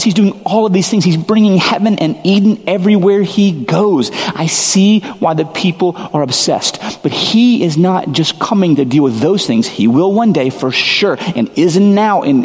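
Middle-aged man, pastor, chatty self-deprecating sermon, a bit high-pitched, big hall echo. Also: darkish tone. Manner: conversational, self-deprecating storytelling.

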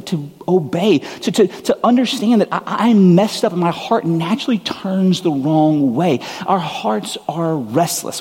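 A man's voice: sits high, husky, big-room sound. A man preaching a sermon as pastor, conversational and earnest, often poking fun at himself. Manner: conversational, earnest, self-deprecating.

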